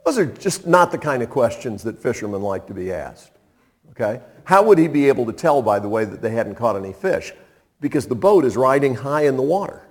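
A middle-aged man preaching a sermon in a conversational, humorous way, pausing for effect. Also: medium pitch, sing-song. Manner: conversational and humorous, with dramatic pauses. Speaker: pastor.

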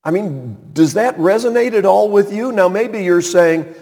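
A man's voice: fairly high pitch, animated, normal speed, creaky, a little mellow, big-room sound. A man preaching a sermon as a pastor, earnest and building in force on key points.

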